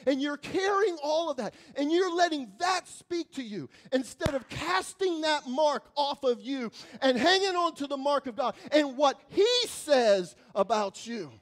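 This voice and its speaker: A man preaching as a guest speaker in church, telling stories dramatically, swinging from loud to hushed. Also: extremely high pitch, expressive, unhurried, hardly any pauses. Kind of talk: sermon storytelling.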